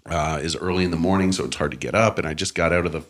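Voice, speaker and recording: A man's voice: low-pitched, racing, a little hiss or hum. A man in his forties with a Canadian accent, a comedian guest chatting casually on a podcast, laughing often and rambling. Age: 40s. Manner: laid-back, laughs often, rambling restarts.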